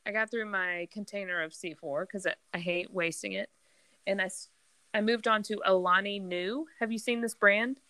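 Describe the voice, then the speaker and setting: A woman with a sharp, medium-pitched voice and fairly even intonation co-hosts a podcast from home near the kitchen, with no echo. Speaking at normal speed, she chats enthusiastically and tells a story packed with fillers.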